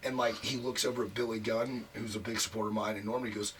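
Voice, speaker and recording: A man's voice: fairly low pitch, steady tone, rapid-fire, distant mic. A man telling a long career story as an interview guest, frank and profane, packing his talk with "like" fillers. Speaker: wrestler guest. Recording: voice a bit off mic, faint noise.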